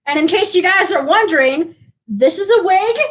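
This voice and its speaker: High-voiced teasing woman hosting a stream. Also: expressive, normal speed, fairly bright tone, rough recording. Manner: bossy and teasing, laughs often. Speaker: stream host. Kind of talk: casual live stream food challenge.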